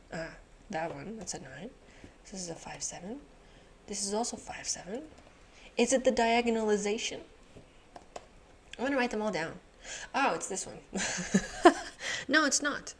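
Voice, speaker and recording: A woman's voice: mid-range voice, a little hiss or hum. Woman muttering through a puzzle. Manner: mutters to herself, swears, laughs often. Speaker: puzzle channel host. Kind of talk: casual think-aloud puzzle solving.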